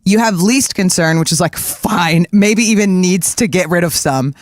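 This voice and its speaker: Co-host with a middle-pitched voice, loose and crude, lots of giggles, recorded dry and close. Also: moderate pace, dry recording. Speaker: podcast co-host. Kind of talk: casual morning livestream chat.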